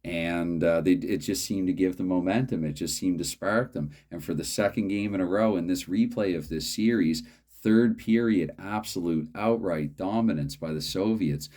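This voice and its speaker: A man hosting a solo tabletop hockey card game, calling the plays in a halting, dry play-by-play way. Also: low-pitched, a little mellow.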